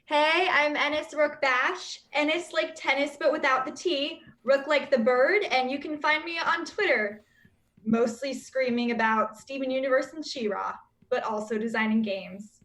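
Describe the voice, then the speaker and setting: Female game designer guest, slightly high voice, upbeat casual chat. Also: normal speed, a bit bright.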